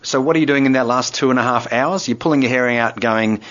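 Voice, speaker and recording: A man's voice: mid-range voice, quick pace, fairly bright tone. A man co-hosts a radio show and explains things with easygoing enthusiasm. He talks casually with loose fillers. The audio is dull and slightly lo-fi. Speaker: radio co-host.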